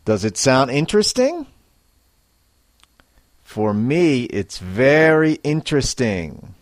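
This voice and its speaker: A man teaching English in a scripted lesson, speaking clearly and acting out example sentences to show intonation. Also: mid-range voice, sing-song, slow pace, no room sound. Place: Japan.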